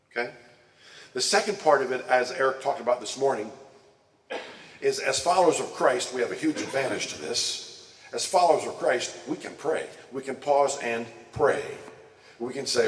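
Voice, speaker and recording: A man's voice: mid-range voice, distant mic. A man giving a conversational teaching talk at church. He repeats words, restarts, and asks the audience questions. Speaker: church speaker. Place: church meeting room. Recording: echoey room recorded from afar.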